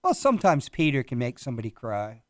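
A man's voice: mid-range voice, huge pitch swings, quick pace, no echo, clean studio sound. A man co-hosting a radio show, teasing and cracking jokes in casual banter. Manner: teasing, wisecracking. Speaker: radio co-host. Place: radio studio.

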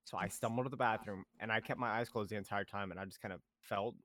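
A young man co-hosting a podcast, telling stories in a casual, animated way, swearing often and acting out what people said. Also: lowish voice, quick pace. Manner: animated storyteller, swears a lot, acts out quotes. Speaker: podcast co-host. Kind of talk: casual chat.

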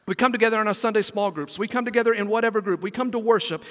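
High-voiced preaching man in a reverberant church. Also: racing, few pauses, a bit bright. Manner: emphatic preaching with call-and-response asides. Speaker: senior pastor. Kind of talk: sermon. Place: church sanctuary.

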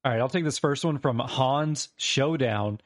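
A man co-hosting a casual gaming podcast, laughing often and talking fast. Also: mid-range voice, heavy background noise. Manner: laughing, quick, reads reviews aloud. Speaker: podcast co-host.

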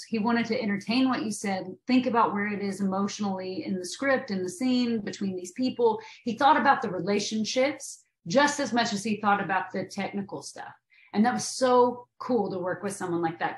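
Actress gushing about her work, mid voice, echoey room. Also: mid-range voice. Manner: effusive and enthusiastic. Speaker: actress guest. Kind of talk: casual interview chat.

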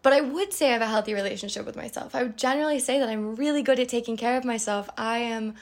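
A young woman with a fairly high voice talks quickly as she hosts a podcast. She answers listener questions in a chatty, candid way, tossing in playful asides during this casual advice chat.

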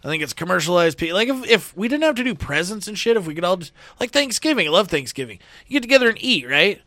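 A man with a somewhat high voice chats on a podcast. He is animated, swears freely and talks over the others. His voice sounds dry and close to the mic. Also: fast talker, no room sound. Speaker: podcast co-host. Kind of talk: casual chat.

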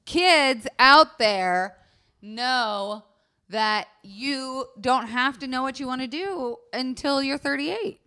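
Young woman, podcast host, bright and clear voice, playful, quick interjections, lots of "like". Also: sits high.

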